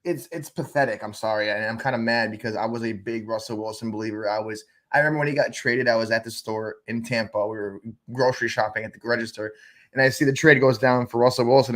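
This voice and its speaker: A man co-hosting a fantasy football show, ranting in an animated, exasperated way with big jumps in pitch. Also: quick pace. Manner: exasperated, uses cooking metaphors. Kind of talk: animated sports chat.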